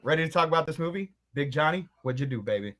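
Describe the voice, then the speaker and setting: Male podcast co-host, slightly higher voice, deadpan anecdotal delivery with casual profanity. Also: quick pace. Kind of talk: casual storytelling.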